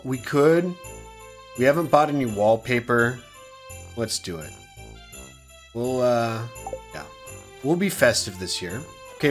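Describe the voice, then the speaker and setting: A man giving casual, upbeat commentary as he plays, chatty and self-deprecating, his voice a little worn. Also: on the low side. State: losing his voice. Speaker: let's play host. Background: faint game music.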